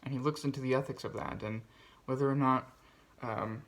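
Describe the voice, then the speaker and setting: A man hosts a casual book video, chatting through his reading list. His voice sits in a middle pitch range. He rambles and restarts often, filling gaps with ums and uhs. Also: steady tone, brisk. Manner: rambling, many fillers and restarts. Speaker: BookTube host.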